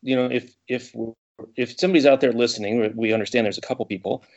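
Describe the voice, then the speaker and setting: A man's voice: medium pitch, steady tone, quick pace, a little mellow, lo-fi sound. A man co-hosting a casual podcast, speaking earnestly and often repeating and restarting his words. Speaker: podcast co-host. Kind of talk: casual chat.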